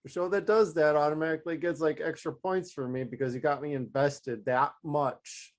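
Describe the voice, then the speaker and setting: A man's voice: on the high side, steady tone, moderate pace. A man co-hosting a podcast, talking through a TV season in an easygoing casual chat, chuckling and quoting his own reactions. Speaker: podcast co-host. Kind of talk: casual chat recapping a TV show.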